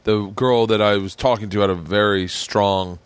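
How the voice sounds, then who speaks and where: A man's voice: fairly low pitch, steady tone, normal speed, clear, resonant tone, no echo. A man hosting a podcast, telling rambling stories in casual chat. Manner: rambling storyteller, voices others in quotes. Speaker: podcast host. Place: small room.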